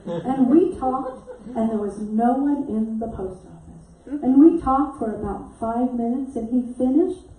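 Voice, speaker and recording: Middle-aged woman minister, mellow storytelling sermon voice, roomy distant church sound. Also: on the high side, a little slow, hardly any pauses. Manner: animated storyteller who acts out quotes and laughs often. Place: church sanctuary. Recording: echoey hall mic from a distance.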